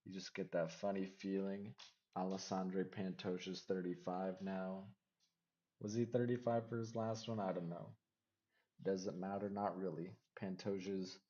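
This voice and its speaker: Low-voiced man rambling through fight picks. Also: highs cut off. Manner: rambling, second-guesses himself out loud. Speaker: MMA fight picks vlogger. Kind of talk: casual fight predictions.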